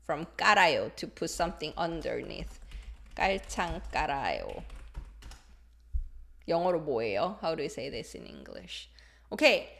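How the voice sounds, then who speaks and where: Woman teacher, native Korean speaker, live online lesson, animated pitch, playful and chatty. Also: racing, creaky, long pauses. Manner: mixes English and Korean, playful, reads viewer comments.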